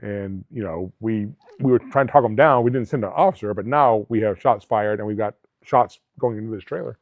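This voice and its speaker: A middle-aged man from Alabama, a former police officer who now owns a travel agency, tells stories as a guest in a casual interview. His lowish voice moves a little fast, earnest and rambling with frequent restarts, and the dry recording sounds tinny, like a phone.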